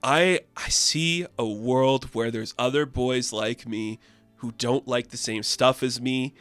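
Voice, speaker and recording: A man's voice: mid-range voice, fairly even intonation, takes it slowly, fairly bright tone, clear, resonant tone, no room sound, soft background music. Enthusiastic man recapping a comic. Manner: enthusiastic, rambling, many fillers. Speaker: comic book reviewer.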